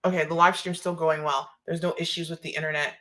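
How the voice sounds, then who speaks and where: A woman's voice: low-pitched, little pitch movement, fast, pushed and bright. A woman from Canada chatting on a live stream, emotional and close to tears, rambling and laughing often. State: emotional, holding back tears.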